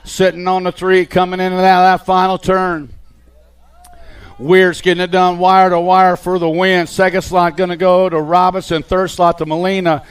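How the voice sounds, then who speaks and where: A man giving live BMX race commentary, calling riders and positions in an excited play-by-play. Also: sits high, normal speed, clear, resonant tone. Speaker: race announcer.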